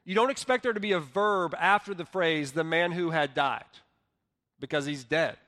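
Earnest preaching man, slightly high voice. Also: big-room sound. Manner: earnest preaching, swings between soft and loud, slows for emphasis. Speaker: pastor. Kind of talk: sermon. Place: church hall.

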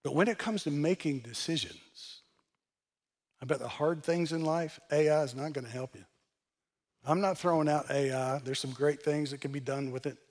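A man's voice: on the high side, normal speed. An older man giving a sermon-style message, earnest and blunt, with touches of dry sarcasm. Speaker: speaker delivering a message.

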